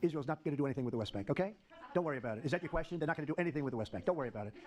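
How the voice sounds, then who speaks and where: A man's voice: fairly high pitch, expressive, racing, background noise. An older man answering reporters' questions in rambling, repetitive, dismissive remarks at a press conference.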